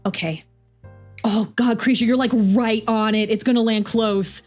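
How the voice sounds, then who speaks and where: A woman voicing a bossy, brisk middle-aged woman coach who gives orders on the phone. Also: on the high side, steady tone, darkish tone, soft background music. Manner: brisk, commanding.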